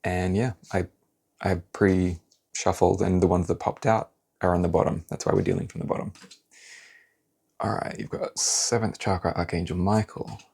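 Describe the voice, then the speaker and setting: Man, tarot reader, deep husky voice, blunt and animated, casual swearing. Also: normal speed. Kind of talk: pick-a-card tarot reading.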